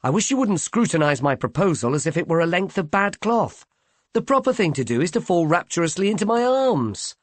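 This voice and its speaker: A man's voice: high-pitched, big pitch swings, brisk, no echo, pitched above the performer's own voice. A man voicing a playful, witty young man who proposes with theatrical flair. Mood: teasing. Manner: teasing, theatrical.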